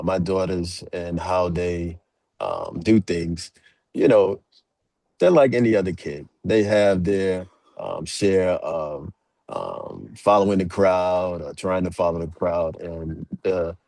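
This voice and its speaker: Deep, mellow man telling stories. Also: takes it slowly, vocal fry, no echo. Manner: relaxed, many fillers. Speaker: podcast guest. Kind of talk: casual storytelling.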